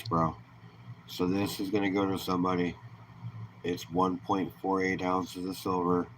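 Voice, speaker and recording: A man with a fairly low voice hosts a relaxed live stream and chats easily with viewers, greeting them one by one. He talks in an informal, friendly way, and a faint hiss sits under his voice. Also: low-quality recording. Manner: easygoing, chatty, greets viewers by name. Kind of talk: casual live-stream chat.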